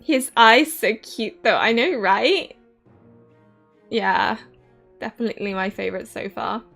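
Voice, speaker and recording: A woman's voice: a little high, measured pace, gravelly, faint music behind. Giggly woman reading a game. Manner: giggly, excitable. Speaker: game streamer. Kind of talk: reading and reacting to a visual novel.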